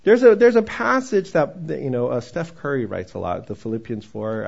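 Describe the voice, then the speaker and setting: A man's voice: medium pitch, lively intonation, moderate pace, vocal fry, darkish tone, breathy edge. A male pastor preaching a sermon in a conversational style and joking with the congregation. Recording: dull, muffled recording.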